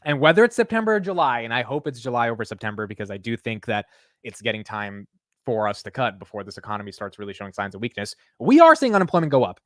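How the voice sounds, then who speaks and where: A man hosting a casual livestream of market commentary, animated and blunt, swearing casually. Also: medium pitch, quick pace, no echo, studio quality. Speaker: host.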